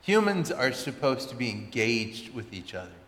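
A man, a pastor, telling a personal story in a sermon with chatty, animated asides. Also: medium pitch, normal speed. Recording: echoey hall with long reverb.

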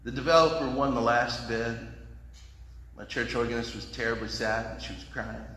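A man's voice: medium pitch, fairly even intonation, normal speed, sharp tone. A man preaching a sermon as a pastor, telling a story in a folksy, conversational way with asides. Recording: echoey hall reverb.

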